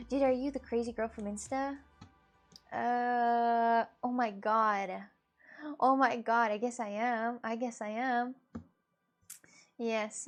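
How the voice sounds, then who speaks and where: A young woman live-streaming from her home setup, chatting casually with her audience, laughing often and swearing freely. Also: a little high. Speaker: live streamer reading chat.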